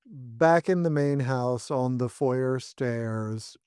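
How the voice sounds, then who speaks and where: Slow dry-humored man. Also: medium pitch, darkish tone, clean tone, dry recording. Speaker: podcast co-host. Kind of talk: casual podcast chat and episode recap.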